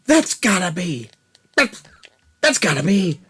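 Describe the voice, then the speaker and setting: A man putting on the voice of a wildly excited male wrestling announcer, yelling in a drawn-out shout. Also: high voice, husky, voice pushed up, heavily acted. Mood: hyped.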